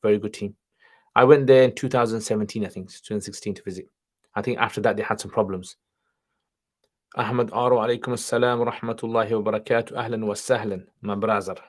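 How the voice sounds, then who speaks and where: Speaking fast with fairly even intonation, a man with a lowish voice runs a relaxed livestream. He reads out questions from viewers and tosses off answers, dropping in Arabic greetings and religious terminology along the way. After nine years of study in Pakistan, he is now based in England.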